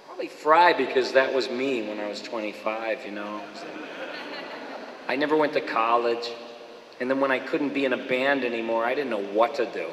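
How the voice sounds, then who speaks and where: Animated man in an echoey hall. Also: medium pitch, a little hiss or hum. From Boston. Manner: animated, slips into quick impressions. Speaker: voice actor at a fan Q&A. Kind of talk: casual anecdotal chat. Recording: echoey hall with long reverb.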